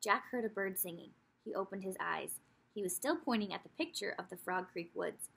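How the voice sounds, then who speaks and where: A woman's voice: medium pitch, fairly quick, vocal fry, a bit bright, breathy edge. A woman teacher reading a children's chapter book aloud, telling the story expressively with asides to young listeners.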